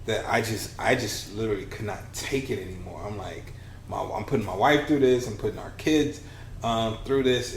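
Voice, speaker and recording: Animated storytelling man, roomy sound. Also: lowish voice. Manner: animated, acts out quoted dialogue. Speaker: podcast guest, business coach. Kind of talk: conversational storytelling. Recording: roomy with faint hiss.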